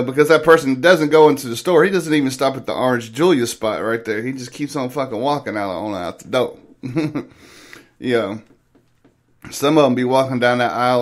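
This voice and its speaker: A man hosting a morning show, chatting casually in a rambling, profane way and laughing easily. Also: mid-range voice. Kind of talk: casual chat.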